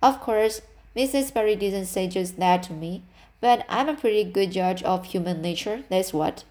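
A woman's voice: medium pitch, moderate pace, a little mellow, natural voice. A woman reading the part of an eager, talkative orphan girl in an audiobook, earnest and confiding.

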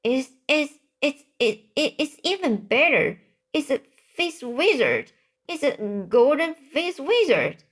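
A woman voicing a kindly, excitable male giant who mangles his grammar. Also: medium pitch, takes it slowly. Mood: excited. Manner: excited, stumbling, exclamatory.

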